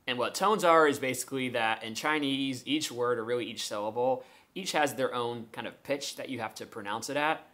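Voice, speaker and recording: A man's voice: medium pitch, a little fast, a bit bright. A man, an English speaker, talking through his language-learning method in a vlog, methodical and explaining step by step with examples.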